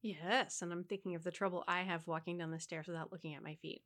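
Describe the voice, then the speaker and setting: A woman's voice: lowish voice, fairly even intonation, fast, a bit bright. A woman co-hosting a casual podcast conversation, explaining things like a voice teacher, frank and instructive.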